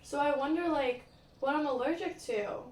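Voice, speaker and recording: A young woman chats on a livestream in a dramatic, swear-heavy way, with lots of "like" and "um." Her voice sits a little high and sounds set back from the mic. The room gives it an echo over faint ambient noise. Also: moderate pace, darkish tone, far from the mic. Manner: chatty, dramatic, swears freely, many "like" and "um" fillers. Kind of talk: casual chat, answering viewer comments.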